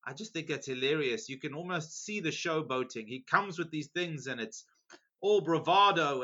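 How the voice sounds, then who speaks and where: A male preacher reading scripture aloud and stopping for amused, animated asides. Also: on the high side, moderate pace, muffled recording. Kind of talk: sermon reading scripture with commentary.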